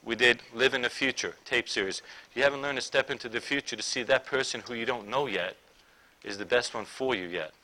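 A man preaching a sermon, swinging between loud emphatic declarations and quiet, intimate asides. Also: mid-range voice, brisk.

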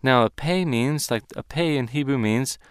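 A man giving a Hebrew Bible lesson in a clear, resonant voice. He talks deliberately and with emphasis, slowing down on the words he wants to stress. The sound is dry and close. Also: mid-range voice, no echo. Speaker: Bible teacher.

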